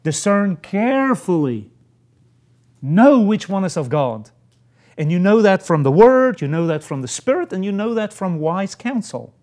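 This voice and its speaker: A man's voice: high voice, sing-song, unhurried, darkish tone. A man preaching a sermon, reading scripture aloud and then explaining it. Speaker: pastor.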